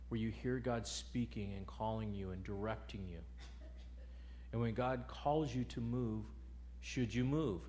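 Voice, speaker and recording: A man preaching a sermon, reading scripture aloud and putting rhetorical questions to his listeners, swinging between loud emphasis and quiet asides. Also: medium pitch, slight background noise.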